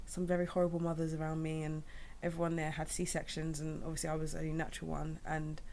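A woman's voice: deep voice, monotone, fast talker, hardly any pauses, darkish tone, a little hiss or hum. A young woman chatting candidly, rambling with many restarts. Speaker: guest sharing her birth story. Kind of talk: casual chat.

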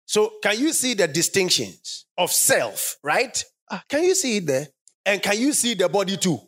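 Emphatic preacher, lively sweeping intonation, mid-pitched voice, repeats key lines and asks the congregation to answer back. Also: normal speed. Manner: call-and-response with the congregation; emphatic, repeats phrases for stress. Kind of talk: sermon. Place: church service.

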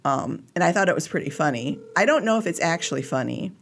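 A man's voice: a little high, lively intonation, fast talker, gravelly, fairly bright tone. A man co-hosting a comedy podcast, rambling and self-deprecating, with casual swearing. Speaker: podcast co-host.

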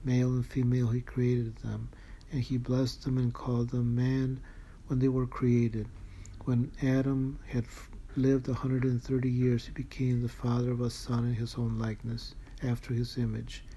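A man reads a church document aloud in a deep, mellow voice, saying "quote" and "unquote" around each passage and reading out every citation in full. His delivery stays level and even, and he sounds earnest and moved by the words. A faint hiss sits behind him. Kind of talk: reading a religious text aloud with asides.

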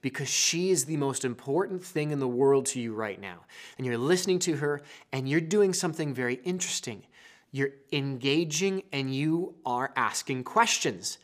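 A man preaching a sermon, telling everyday stories with lively, acted-out moments. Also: mid-range voice, normal speed. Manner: animated storytelling, acting out husband and wife.

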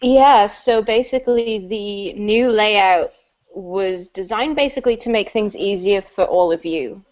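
A woman's voice: mid-range voice, measured pace, darkish tone. A woman co-hosting a podcast, explaining things plainly in casual chat. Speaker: podcast co-host. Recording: muffled lo-fi recording.

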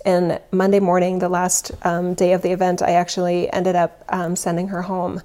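A spiritual teacher who leads retreats talks in a casual, earnest way, rambling and correcting herself as she goes. Her voice is lowish, dark, and monotone, at a normal speed.

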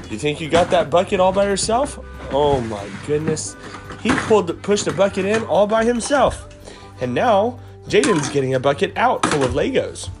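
A father who also hosts a podcast reads a farm picture book to his kids, voicing the animals with playful, lively energy. His voice is high-pitched.

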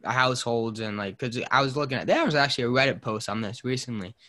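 A man's voice: mid-range voice, lively intonation, fast talker, pushed and bright. A man hosting a casual podcast chat, rambling between topics with frequent fillers and restarts. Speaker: podcast host.

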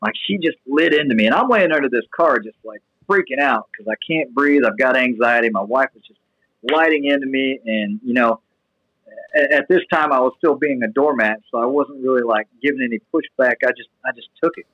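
Animated rambling man telling a story. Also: medium pitch, a little fast, no echo, muffled recording. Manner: animated, rambling with restarts and fillers. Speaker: guest sharing testimony. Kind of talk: casual storytelling.

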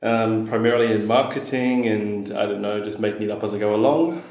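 A man's voice: lowish voice, a little fast, a little mellow, reverberant, muffled recording. An Australian man with an Australian accent, a podcast guest chatting casually with dry, self-deprecating jokes. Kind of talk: casual chat.

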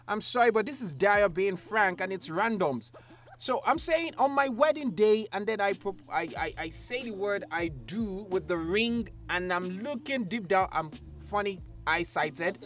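Animated man hosting a chat. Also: high-pitched, unhurried, soft background music. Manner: playful, animated, laughs often. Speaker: host. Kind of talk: casual chat.

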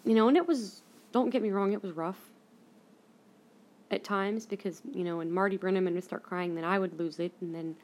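On her own podcast, a young woman tells a personal story, rambling casually with frequent fillers and restarts. Her mid-range voice is brisk and darkish, with a little hiss or hum in the background.

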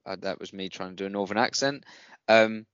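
A man's voice: fairly low pitch, a bit bright, clean tone, no echo. Male co-host, rambling and jokey, dry close sound. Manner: jokey, rambling, quick to laugh. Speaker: podcast co-host. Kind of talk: casual chat. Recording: dry, slightly dull sound.

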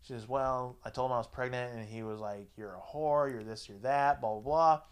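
A man hosting a podcast, telling a story in a casual, profane, animated way and acting out both sides of the dialogue. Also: medium pitch, a little fast. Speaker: podcast host.

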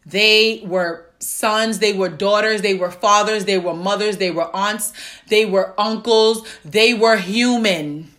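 A woman talking straight to her viewers in an emotional video, close to tears. She speaks slowly, with long deliberate pauses, and her voice is bright and tense. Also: medium pitch. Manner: slow, deliberate reciting with heavy pauses. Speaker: vlogger. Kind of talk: emotional solo video address.

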